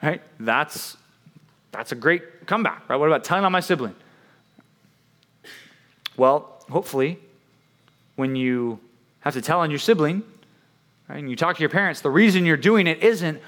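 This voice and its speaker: A man's voice: a little high, expressive, normal speed, long pauses, a bit bright. A man preaching to young people in a conversational way, often asking "right?" and acting out the voices he quotes. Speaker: youth preacher.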